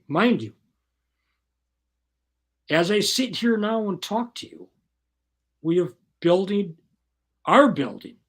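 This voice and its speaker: A man as an interview guest, telling his story bluntly and profanely in casual, animated talk. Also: on the high side.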